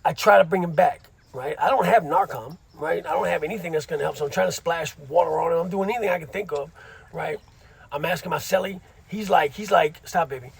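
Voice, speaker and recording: A man's voice: a little high, brisk, gravelly, breathy edge. A middle-aged man casually telling a story from his time in prison, using street slang and frequent asides.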